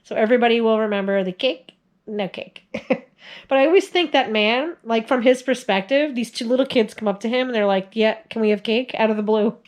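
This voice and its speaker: A woman's voice: on the high side, a little fast. A woman in her forties casually telling family stories to the camera in a chatty way, laughing often as she goes. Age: 40s. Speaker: video host sharing family stories.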